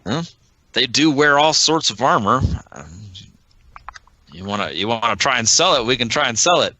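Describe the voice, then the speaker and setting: A man's voice: mid-range voice, very animated, moderate pace, bright, forceful tone, low-quality recording. A man playing a tabletop role-playing game who laughs often and thinks aloud about tactics. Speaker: player.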